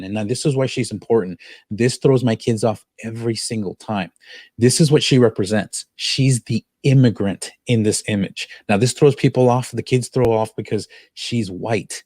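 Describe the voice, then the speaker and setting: A man teaching other teachers on a video presentation, lively and conversational as he points things out on screen. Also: mid-range voice, no room sound, clean studio sound. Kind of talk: online teacher demo.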